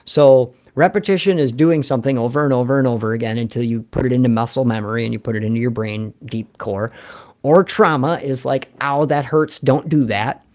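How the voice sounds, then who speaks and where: A man's voice: medium pitch, a little fast, darkish tone. A man, hosting a rambling, joking livestream and reading chat comments aloud. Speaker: livestream host.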